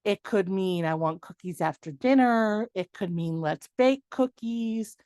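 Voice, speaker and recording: A middle-aged woman presenting a workshop, lively and animated, acting out quoted dialogue as she explains. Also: mid-range voice, unhurried, dry recording. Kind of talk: webinar presentation.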